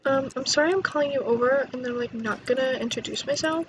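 A young woman chatting excitedly while playing a life-sim game, quick to gasp and exclaim. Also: high voice, background noise. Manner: excitable, chatty, gasps and laughs. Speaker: gaming YouTuber. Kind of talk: let's play commentary.

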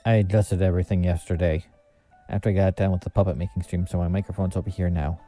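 A man streaming a video game, chatting casually and muttering asides to himself with quick bursts of cheer. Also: deep voice, steady tone, dark tone. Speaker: VTuber streamer. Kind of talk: casual gameplay commentary. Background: faint background music.

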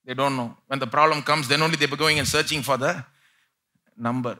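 A male pastor preaching a live church sermon, swinging between loud pleading and quiet asides. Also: medium pitch, steady tone, brisk. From India.

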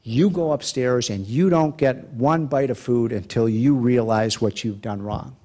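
A man voicing an enraged mother who scolds her young sons slowly and sternly while telling a joke. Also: medium pitch, mellow, lightly acted. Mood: angry.

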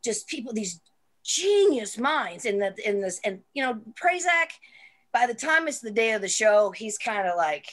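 A woman's voice: fairly high pitch, sing-song, moderate pace, fairly bright tone. A woman wrestler, a guest on a talk show, chatting casually and rambling, with many fillers and restarts. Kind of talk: casual chat.

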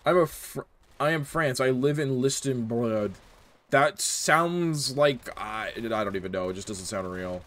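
Reading his chat aloud while streaming a game, this young man keeps things casual, jokey and animated, often breaking into laughter. He speaks at a medium pitch and a slightly slow pace.

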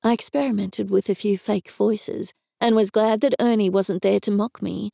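Aussie lady reading an audiobook, really gravelly voice, dark mellow tone, dry close mic. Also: medium pitch, fairly even intonation, moderate pace, no room sound. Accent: Australian. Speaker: audiobook narrator. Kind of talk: first-person audiobook narration.

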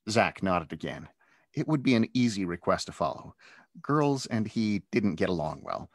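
A man's voice: on the low side, big pitch swings, moderate pace, no echo, studio quality. A man, an author, reading his own children's adventure book aloud as narrator. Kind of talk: storybook read-aloud narration.

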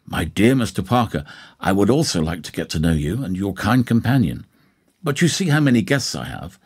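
A man's voice: lowish voice, very animated, a little fast, darkish tone, husky, voice pushed up. A man voicing a charming, flirtatious woman of about forty, speaking in a coquettish, gracious manner in an audiobook.

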